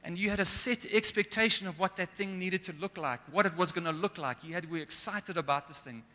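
A man's voice: high voice, brisk, bright, forceful tone. A man preaching a sermon in an earnest way, sometimes getting emotional. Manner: earnest, gets emotional at times. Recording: long hall reverb.

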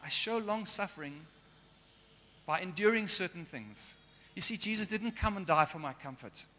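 A man's voice: high-pitched, lively intonation, normal speed, bright, forceful tone, slight background noise. A man preaching a sermon in an earnest way, sometimes getting emotional. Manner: earnest, gets emotional at times. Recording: long hall reverb.

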